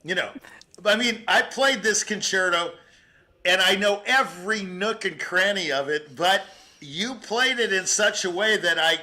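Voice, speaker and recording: An older man giving rambling, animated feedback on a piano performance, singing out phrases and laughing as he talks. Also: sits high, unhurried. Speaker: competition juror giving feedback. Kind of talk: spoken critique of a performance.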